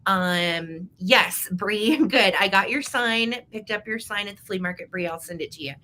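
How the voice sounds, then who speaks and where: A woman's voice: mid-range voice, moderate pace, bright, forceful tone, slight background noise. A woman hosting a live vintage sale, chatting casually and greeting viewers by name in an upbeat way. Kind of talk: casual livestream chat.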